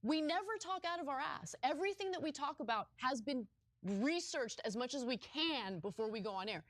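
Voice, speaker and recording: Woman, political show co-host, high voice, dry close sound, firm pointed delivery, repeats for emphasis. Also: expressive, fairly quick, no echo. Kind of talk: political commentary.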